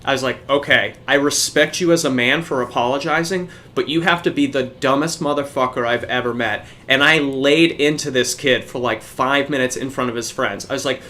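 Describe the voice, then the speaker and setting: Profane, animated young man telling a story. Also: mid-range voice, normal speed, few pauses. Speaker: podcast co-host. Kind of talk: casual storytelling chat.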